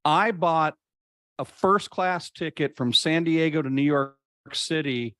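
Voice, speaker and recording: A man guest in an interview, telling a personal story in an earnest, reflective way and slowing down to stress key points. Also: on the high side, fairly bright tone, clean tone, no room sound, studio quality. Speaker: podcast guest.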